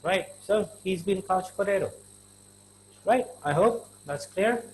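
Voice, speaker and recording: A man's voice: high voice, animated, unhurried, a little hiss or hum, low-quality recording. A man with an Indian English accent teaching slang in a chatty, informal lesson, full of fillers and acted-out little dialogues.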